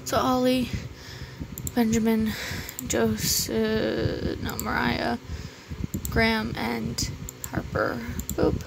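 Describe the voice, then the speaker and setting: Woman gamer, casual play-by-play, gravelly and slow, muttering commands, noisy recording. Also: a little high, monotone. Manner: mutters menu commands aloud, sighs, mildly exasperated. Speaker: gaming video creator. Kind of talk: casual gameplay narration. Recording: noisy background hiss.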